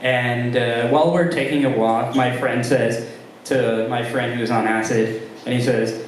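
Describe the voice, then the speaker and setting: A young man doing a stand-up comedy set, talking haltingly with many ums and restarts. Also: medium pitch, flat delivery, far from the mic, slight background noise. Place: comedy club room with a live audience. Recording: very roomy live room sound.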